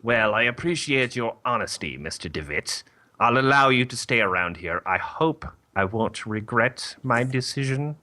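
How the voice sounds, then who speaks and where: A man's voice: mid-range voice, animated, moderate pace, sharp tone, slight background noise, voice pushed up. A man voicing a stern older nun who runs a nursing home, talking in a formal, cold and dismissive way.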